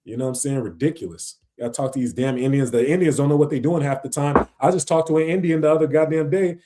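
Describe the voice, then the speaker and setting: A man's voice: fairly high pitch, fast talker, heavy background noise. Slangy man ranting on livestream. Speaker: livestream host reacting to videos. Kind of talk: casual livestream reaction commentary.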